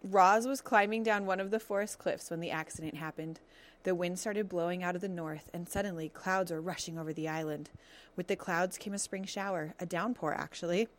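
A woman reading a children's novel aloud as narrator, telling the story in a steady, expressive way. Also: lowish voice, brisk.

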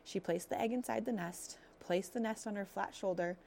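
A woman's voice: mid-range voice, normal speed, gravelly, dark tone, slight background noise. Woman reading a storybook aloud. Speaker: narrator. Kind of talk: reading a children's novel aloud.

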